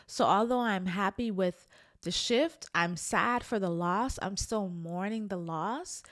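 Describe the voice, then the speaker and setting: A woman's voice: mid-range voice, no echo, studio quality. A woman hosting a podcast, talking candidly and reflectively to camera, with many "like" fillers. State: tearful at times. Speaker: podcast host. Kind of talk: candid personal talk to camera.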